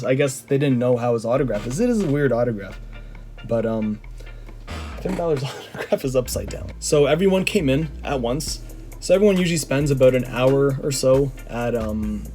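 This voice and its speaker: Excitable young man telling a story. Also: medium pitch, a little fast, soft background music. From Canada. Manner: excitable, rambling, many fillers and restarts. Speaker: vlogger. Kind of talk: casual storytelling to camera.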